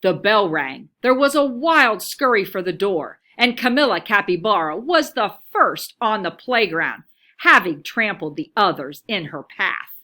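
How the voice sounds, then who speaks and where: A woman's voice: medium pitch, unhurried. A woman teacher reading a children's picture book aloud, telling it expressively. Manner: expressive storytelling, lively.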